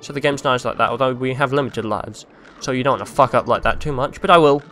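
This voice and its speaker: A young man commentating a video game he is playing, rambling and crude, mocking himself and breaking into silly yells. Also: medium pitch, steady tone, quick pace, faint music behind. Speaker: let's play host.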